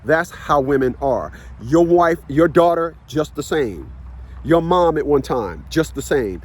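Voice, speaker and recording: A man with a somewhat high voice holds forth in a casual vlog, repeating lines for emphasis. He lectures like a preacher on a street corner, and his pitch climbs when he gets worked up. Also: lively intonation, unhurried, darkish tone. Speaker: vlogger. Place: outdoors with his dogs.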